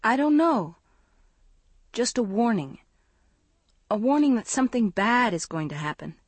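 A woman reading aloud, voicing a frightened teenage girl who talks in a higher, pleading voice. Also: big pitch swings, measured pace, slightly rough, dry recording, heavily acted. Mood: worried. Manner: pleading, rising to shrill. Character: teenage girl, anxious and dreamy.

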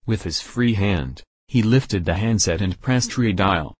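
A man narrating a first-person audiobook in a measured, steady way. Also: on the low side, husky, no echo.

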